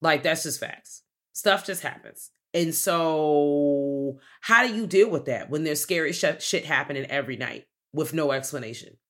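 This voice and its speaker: A woman's voice: deep voice, normal speed. A woman co-hosting a podcast, telling a film's plot in casual chat and acting out the characters' lines as she goes. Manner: animated storytelling, acts out the characters' lines. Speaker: podcast co-host.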